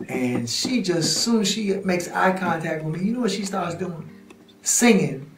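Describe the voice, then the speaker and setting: A man telling a story in a prison visitation room, acting out the scene and sometimes dropping to a hush. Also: high-pitched, lively intonation, moderate pace, a little hiss or hum. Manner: acts out scenes and voices, drops to hushed tones. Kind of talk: animated storytelling. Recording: roomy echo, faint guitar music.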